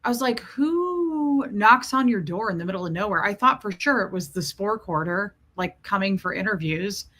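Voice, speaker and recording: A woman's voice: medium pitch, lively intonation, moderate pace, few pauses, fairly bright tone. A woman hosting a casual livestream, chatting and greeting viewers by name as she tells a story. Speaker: livestream host.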